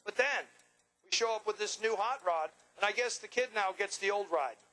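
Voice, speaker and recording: Brash high-voiced announcer. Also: male voice, moderate pace, pushed and bright, poor audio. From Long Island, New York. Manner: joking, brash, high-energy banter. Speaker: track announcer. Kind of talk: winner's circle interviews.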